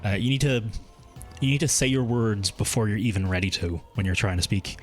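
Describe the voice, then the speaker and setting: Irish guy with a light accent, lowish voice, rambles and swears while he plays, faint music behind. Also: a little fast. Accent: mild Irish. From Ireland. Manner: rambling, chatty, swears freely, stumbles over words. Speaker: game streamer. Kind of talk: casual live-stream chat while gaming.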